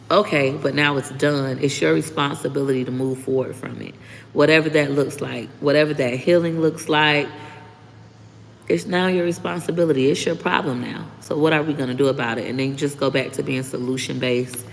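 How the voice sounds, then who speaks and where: Gravelly-voiced woman live-streaming to fans. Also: rumbling low, steady tone, normal speed. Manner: candid, blunt, swears freely, thanks viewers often. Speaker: livestreaming content creator. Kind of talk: casual live-stream chat reading comments. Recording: reverberant room with faint background noise.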